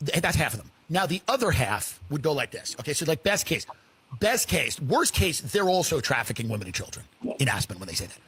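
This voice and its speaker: A man ranting loudly in a comedic style, swearing and acting out mock voices. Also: on the high side, big pitch swings, brisk, slightly rough. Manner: loud swearing rant, acts out rich people in mock voices. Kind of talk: comedic rant.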